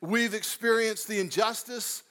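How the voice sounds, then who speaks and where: A man preaching a sermon, animated, swinging between loud emphatic lines and quiet storytelling. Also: sits high, measured pace. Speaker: pastor.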